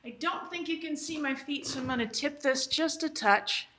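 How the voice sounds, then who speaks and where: A woman's voice: high voice, moderate pace, sharp tone, a little hiss or hum. A woman teaching a live online stretch and strength class, upbeat and chatty, often drifting into little tangents. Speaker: fitness instructor. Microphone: camera or phone streaming live. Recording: roomy echo.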